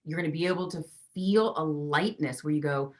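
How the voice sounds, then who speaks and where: In a low voice and at a slightly fast clip, a relationship coach gives instructive, emphatic answers as an interview guest. She dramatizes the voices running through people's minds.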